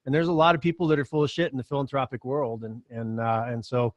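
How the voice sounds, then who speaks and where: A man's voice: medium pitch, level tone, quick pace, no room sound, highs cut off. Earnest male podcast host, dry sound. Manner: earnest, affirming. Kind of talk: casual podcast chat.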